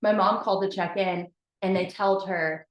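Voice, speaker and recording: Speaking at a moderate pace with a mid-range voice and fairly even intonation, the host of a weekly motivational live stream chats candidly with her viewers. She calls them "you guys," and the room gives her voice an echo.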